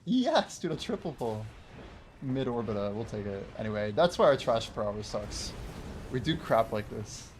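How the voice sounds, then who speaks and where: A man's voice: medium pitch, very animated, moderate pace, a little hiss or hum. Chatty man streaming a game. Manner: chatty, reads and answers viewer chat, laughs often. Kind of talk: casual livestream chat while playing. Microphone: wears headphones while streaming.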